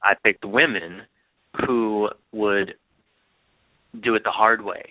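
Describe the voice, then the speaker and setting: Man, interview guest, earnest and searching, lowish voice, dry phone-line audio. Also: takes it slowly, no echo. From United States. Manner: earnest, with frequent restarts and repeated words. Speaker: guest, author and relationship coach. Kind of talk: reflective interview talk. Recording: dry, phone-like narrow sound.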